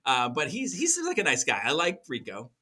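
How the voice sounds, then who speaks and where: A man co-hosting a podcast in easygoing conversation. His voice is bright and forward, and he talks in loose, rambling runs full of restarts. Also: on the high side, wildly swooping pitch, brisk, breathy edge. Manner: chatty, laughing, rambling with restarts. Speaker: podcast co-host. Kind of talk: casual chat.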